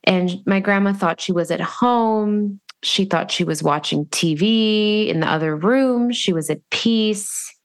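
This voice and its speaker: A woman host telling a personal story in an earnest, reflective way, pausing and restarting often. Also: medium pitch, clean tone. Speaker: podcast host.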